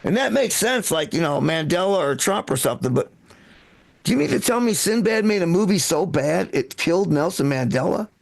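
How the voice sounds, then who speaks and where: A man's voice: sits high, expressive, a little fast, creaky. A man doing a stand-up comedy set, rambling and profane, cutting himself off mid-sentence. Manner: rambling, profane, self-interrupting delivery. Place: live comedy stream with echo. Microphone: own microphone.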